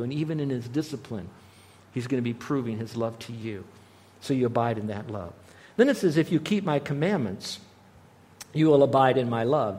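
A man giving a radio Bible teaching in an earnest, conversational way, often dropping to a softer voice. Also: mid-range voice. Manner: earnest, conversational, with frequent soft drops in volume.

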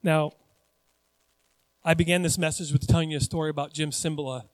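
A male pastor preaching a sermon in a conversational, animated way, often putting questions to the congregation. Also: on the high side, brisk. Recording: long hall reverb.

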